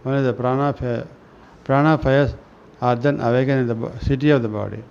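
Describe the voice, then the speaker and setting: A man reading spiritual scripture aloud in a slow, halting way, often restarting words and clearing his throat. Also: medium pitch, fairly even intonation, darkish tone. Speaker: reader of a spiritual newsletter. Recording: dull lo-fi recording with faint noise.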